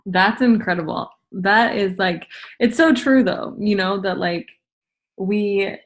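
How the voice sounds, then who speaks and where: A woman's voice: medium pitch, slow pace. A woman hosting a casual interview, asking loose questions with lots of filler words. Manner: relaxed, filler-heavy questions. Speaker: host.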